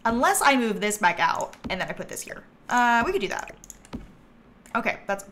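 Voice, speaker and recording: A woman livestreaming a game, chatting casually and thinking aloud, with bursts of giggly excitement. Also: on the high side, normal speed, a little hiss or hum. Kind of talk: casual gameplay commentary.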